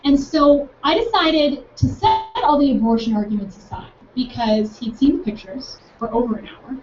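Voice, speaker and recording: A woman's voice: high voice, moderate pace. A young adult woman telling a personal story with enthusiasm, acting out both sides of a conversation. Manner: enthusiastic, animated, acts out both sides of the dialogue. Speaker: speaker recounting a campus conversation. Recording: echoey, distant, dull room sound with faint noise.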